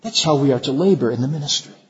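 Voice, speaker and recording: A man preaching a sermon to fellow ministers, earnest and measured, his voice sinking low at the end of phrases. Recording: dull lo-fi recording.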